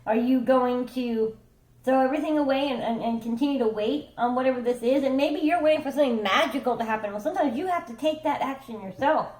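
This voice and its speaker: A woman's voice: high-pitched, quick pace, darkish tone. Rambling woman reading tarot, echoey room. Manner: rambling, conversational, swears casually, checks in with "okay?" and "right?". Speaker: tarot reader. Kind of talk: casual tarot reading monologue.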